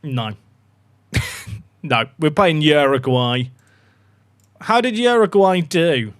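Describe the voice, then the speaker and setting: Talking to his chat while playing a football management game, this young Englishman gives lively, chatty commentary peppered with casual swearing. His pitch is on the high side, and he speaks slowly.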